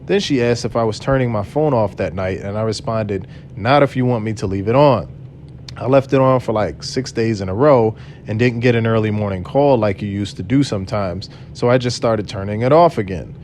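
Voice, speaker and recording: A man's voice: on the low side, fairly quick, hardly any pauses, darkish tone, slight background noise. A man earnestly retelling a personal story, reading out his own messages. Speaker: channel host telling his own story. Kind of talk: personal storytelling read aloud.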